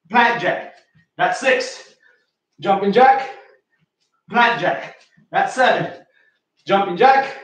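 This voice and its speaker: A man's voice: sits high, a bit bright. A man coaching a home workout, counting reps aloud and giving technique cues, somewhat out of breath. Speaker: fitness coach. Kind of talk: workout instruction with rep counting. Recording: echoey room, voice from a distance.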